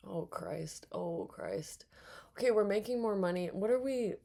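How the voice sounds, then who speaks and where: A young woman giving casual let's-play commentary, reacting out loud, muttering to herself and swearing a lot. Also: medium pitch, animated, unhurried, gravelly. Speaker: gaming streamer.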